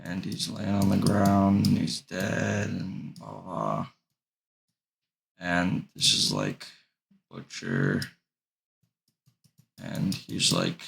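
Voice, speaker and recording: A man's voice: sits low, slow, vocal fry, pauses often, fairly bright tone. A young man giving casual, rambling commentary, hesitant and full of fillers. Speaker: vlogger.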